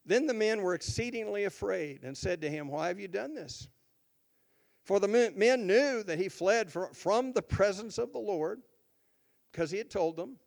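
A man's voice: sits high, expressive, moderate pace, creaky. A male pastor preaching a sermon, reading scripture aloud and then explaining it, leaning hard on key words.

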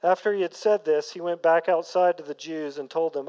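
A man preaching a sermon as pastor, earnest, rising to emphatic peaks and then dropping low. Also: a little fast, hardly any pauses, darkish tone, in a large hall, rough recording.

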